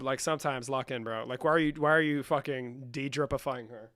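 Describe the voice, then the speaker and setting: A man hosting a livestream in a casual, profane, slangy manner, saying "bro" a lot and swinging between low muttering and loud outbursts. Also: steady tone, fairly quick, few pauses, dry recording. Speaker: livestream host.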